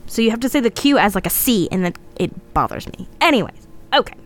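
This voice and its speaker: A podcast co-host with a high-ish voice reads a legend from her notes, very animated and quick. The casual show is full of her laughs and stumbles.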